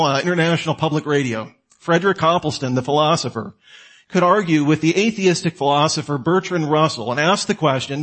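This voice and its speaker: Animated man lecturing to the listener. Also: on the high side. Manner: animated, asks the listener questions and answers them himself. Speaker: apologetics teacher. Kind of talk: conversational lecture.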